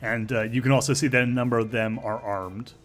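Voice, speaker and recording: A man's voice: medium pitch, steady tone, fairly quick, a bit bright, faint music behind. A man narrating a tabletop role-play as game master, rambling with lots of fillers and restarts.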